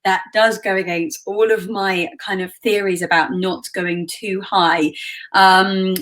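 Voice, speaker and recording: A woman vocal coach leading a live online singing warm-up in a relaxed, conversational way, breaking off to sing demonstration slides. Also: medium pitch, slow. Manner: demonstrates exercises by singing slides between instructions.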